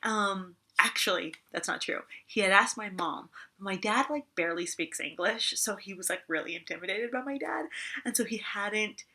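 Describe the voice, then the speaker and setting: In a casual vlog, a woman in her twenties tells a story in a chatty way, swearing a lot, leaning heavily on "like," and laughing often. Her voice is mid-range with a sharp tone, delivered at a moderate pace.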